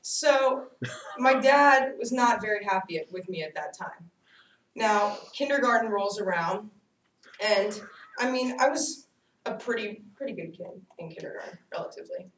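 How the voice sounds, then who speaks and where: A young adult woman giving a personal storytelling speech to a class, animated and self-mocking as she tells her stories. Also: mid-range voice, moderate pace. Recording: echoey room, distant mic, faint hiss.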